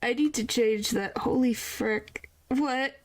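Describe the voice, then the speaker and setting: Chatty streaming woman, high voice. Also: slow pace. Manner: chatty, exclaims and laughs, talks to chat. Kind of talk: casual gameplay streaming chat.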